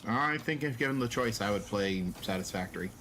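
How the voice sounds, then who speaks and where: A man's voice: on the low side, expressive, a little fast, fairly bright tone, a little hiss or hum. A man chatting on a gaming stream in a joking, easygoing way. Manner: joking, laughs easily. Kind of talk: casual gaming stream chat.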